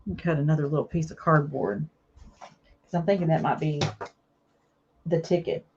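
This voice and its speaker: A middle-aged woman with a low, breathy voice and fairly even intonation talks at normal speed, though the recording is muffled. Crafting at home indoors, she chats earnestly with her viewers and warmly calls them y'all.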